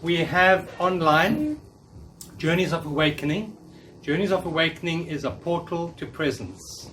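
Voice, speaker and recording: A man's voice: on the high side, lively intonation, unhurried, fairly bright tone. A man in his fifties giving a live talk, coaching and encouraging the audience in a room. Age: 50s. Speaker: workshop speaker. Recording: distant mic, faint noise.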